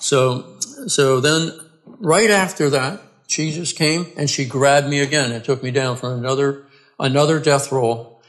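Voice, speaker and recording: A man, a podcast guest, earnestly telling his own story in a halting way, restarting and repeating words. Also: medium pitch. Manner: earnest and plain-spoken. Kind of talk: conversational storytelling.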